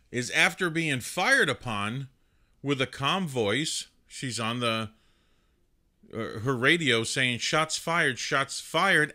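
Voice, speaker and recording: A man's voice: medium pitch, bright, forceful tone. A man hosting a livestream, commenting casually on news clips in a chatty way with plenty of fillers and restarts. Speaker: livestream host.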